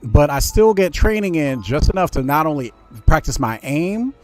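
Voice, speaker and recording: A man with a slightly high voice rants as a gaming host, his pitch swinging wide as he vents with indignation and mocks people in quoted voices. Music plays clearly behind him. He keeps up a casual, worked-up commentary. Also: normal speed. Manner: animated, indignant ranting with mocking quoted voices. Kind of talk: ranting gameplay commentary.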